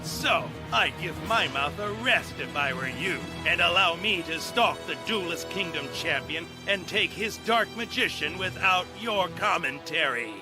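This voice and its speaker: A sneering, predatory villain from a cartoon dub, gloating and menacing. His voice sits fairly high, and a loud score plays beneath every threat. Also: lively intonation, measured pace, hardly any pauses. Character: sneering villainous male card hunter, predatory. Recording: played over loud music.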